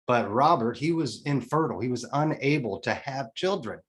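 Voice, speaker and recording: A man's voice: medium pitch, expressive, a little slow. A man in his forties, a podcast guest telling a personal story in a candid, emotional way, with casual swearing and restarts. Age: 40s.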